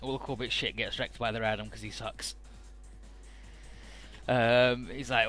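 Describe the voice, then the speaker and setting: A man's voice: medium pitch, level tone, a bit bright, faint music behind. A man hosting a casual game playthrough, recapping the story and swearing casually. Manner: paraphrases dialogue in quick put-on snippets. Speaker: let's-play host.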